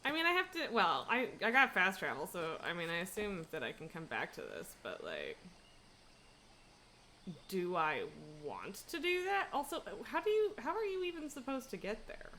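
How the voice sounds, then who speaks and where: A woman's voice: medium pitch, very animated, moderate pace, bright, forceful tone, slight background noise. A young woman streaming a game live, chatting casually, swearing and laughing often. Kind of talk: casual live gaming commentary.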